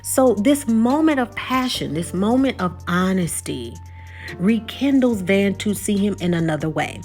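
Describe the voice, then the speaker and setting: A woman's voice: medium pitch, expressive, unhurried, darkish tone, faint music behind. A young woman giving a casual, conversational recap and review of a TV episode. She repeats words and keeps checking in with her listeners.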